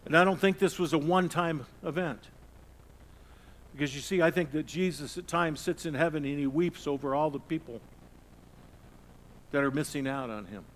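A middle-aged male pastor preaching a sermon, swinging from loud emphasis to hushed, low passages. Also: moderate pace, long pauses.

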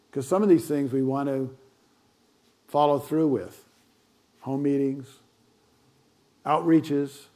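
An older man with grandchildren, a pastor giving a conversational sermon full of fillers and asides. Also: on the high side.

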